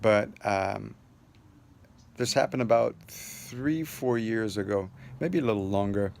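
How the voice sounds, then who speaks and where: Gravelly man telling a rambling story. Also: fairly low pitch, slow, darkish tone, a little hiss or hum. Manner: loose and rambling, with many fillers and restarts; earnest, upbeat sign-off. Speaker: vlogger sharing a personal story. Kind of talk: casual personal storytelling.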